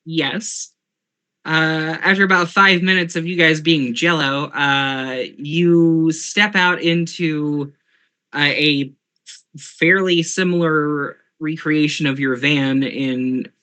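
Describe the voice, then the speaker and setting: A man's voice: on the high side, fairly even intonation, takes it slowly, pushed and bright, clear, resonant tone. A man narrating as game master of an online tabletop game, hesitant with many fillers.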